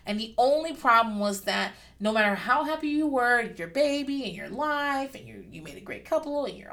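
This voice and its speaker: Candid, profane woman with a higher voice. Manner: candid and profane, with lively asides. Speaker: vlogger. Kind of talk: casual TV reaction commentary.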